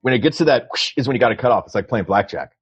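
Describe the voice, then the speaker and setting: A man co-hosting a comedy podcast from his home, arguing his points in a playful, deadpan way. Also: mid-range voice, rapid-fire, breathy edge, dull audio. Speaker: podcast co-host. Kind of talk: casual chat. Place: his home, recording remotely.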